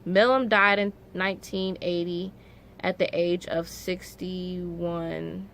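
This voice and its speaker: A woman's voice: on the low side, fairly even intonation, slow pace, a bit bright, a little hiss or hum. A young woman vlogger telling a story in a casual, emotional way, full of "like" fillers and growing indignation.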